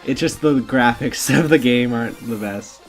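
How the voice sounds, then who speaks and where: A man playing a video game and chatting casually, relaxed and matter-of-fact. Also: medium pitch, normal speed. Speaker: let's play player. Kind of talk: casual chat over gameplay. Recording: game music behind.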